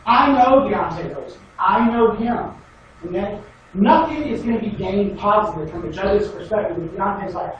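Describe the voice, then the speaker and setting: A man's voice: sits high, animated, normal speed, fairly bright tone, muffled recording. A man giving a casual classroom lecture on debate, wry and sarcastic, sometimes mocking students in put-on voices. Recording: echoey room from far off, noisy.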